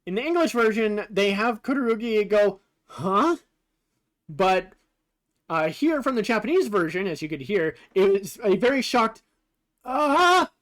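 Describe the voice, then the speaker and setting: Lively, chatty game streamer. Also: mid-range voice, moderate pace. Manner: chatty, thinks aloud with fillers and swearing. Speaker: streamer comparing game translations. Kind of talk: casual commentary over gameplay.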